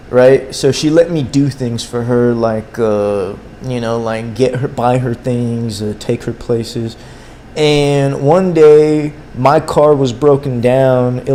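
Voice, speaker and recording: A man's voice: mid-range voice, darkish tone, slight background noise. A young man streaming a game and telling a long story in a rambling, slangy way, with many fillers and restarts. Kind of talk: casual livestream storytelling.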